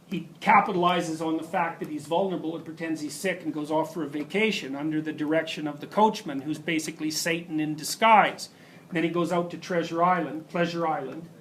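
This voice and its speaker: High-voiced emphatic male lecturer. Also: slight background noise, low-quality recording. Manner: emphatic, storytelling with asides and rhetorical questions. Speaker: university lecturer. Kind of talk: classroom lecture.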